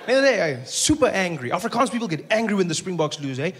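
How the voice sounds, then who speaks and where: A young South African comedian performs stand-up on a club stage, animated and quick to slip into characters. His voice sits high for a man. A handheld mic picks him up over clear live noise.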